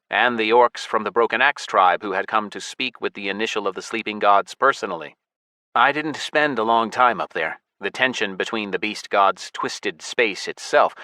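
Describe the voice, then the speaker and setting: A male narrator reads a first-person adventure in a steady, measured way. His voice is bright and mid-pitched, recorded close and dry with no room sound. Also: no room sound. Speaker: audiobook narrator. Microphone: close studio mic.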